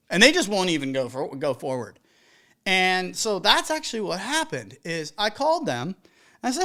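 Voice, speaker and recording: A wedding DJ hosting a casual podcast monologue, an animated storyteller who acts out the people in the stories. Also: medium pitch, brisk. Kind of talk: casual podcast monologue giving business advice.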